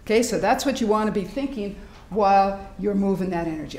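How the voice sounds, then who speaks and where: A woman presenting a live workshop in a hospital meeting room, animated and demonstrative, acting out sounds and inner voices as she teaches. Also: medium pitch, brisk. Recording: echoey room, faint background noise.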